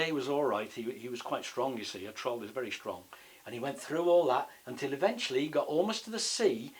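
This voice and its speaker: A man telling a bedtime story to a child, with gentle, chatty asides. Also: mid-range voice, slight background noise.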